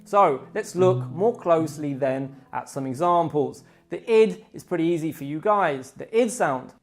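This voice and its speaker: An English teacher giving a pronunciation lesson, slowing down to demonstrate each word ending clearly. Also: mid-range voice, animated, faint music behind.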